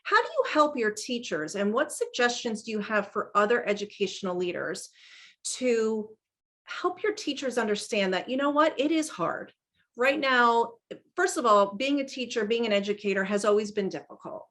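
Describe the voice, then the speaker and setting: A middle-aged woman hosting a podcast, chatting casually and telling stories in an animated way, with many restarts. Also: a little high, normal speed. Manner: chatty, animated storytelling with frequent laughs and restarts. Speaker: podcast host. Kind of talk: casual conversational interview.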